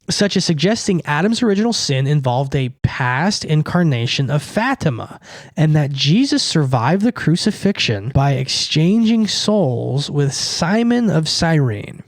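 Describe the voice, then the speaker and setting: A man's voice: on the high side, dry recording, studio quality. A young man hosting a podcast, talking in a casual, irreverent, rambling way, full of fillers. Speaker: podcast host. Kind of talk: casual monologue.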